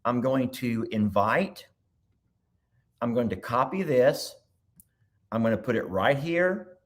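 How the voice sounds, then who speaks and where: A man's voice: medium pitch, slow. Rambling, chatty man hosting a livestream. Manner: rambling, chatty, thinks aloud. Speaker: livestream host. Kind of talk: casual live chat.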